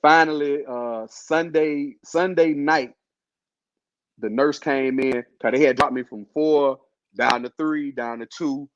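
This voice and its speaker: A man's voice: mid-range voice, fairly even intonation, slow, dry recording. Laid-back slangy man, dull lo-fi sound. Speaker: host telling his illness story. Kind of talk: casual storytelling chat.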